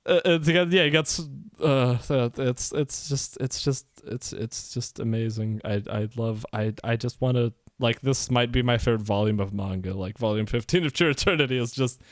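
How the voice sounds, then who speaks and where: A man co-hosting a casual podcast, gushing about manga, excitable, swearing often and laughing a lot. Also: medium pitch, normal speed, few pauses, no room sound. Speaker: podcast co-host.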